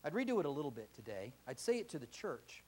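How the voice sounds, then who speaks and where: Impassioned high-voiced man preaching. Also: very animated, fast talker, a little mellow. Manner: impassioned, rising to emphatic exhortation. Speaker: pastor. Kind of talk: sermon.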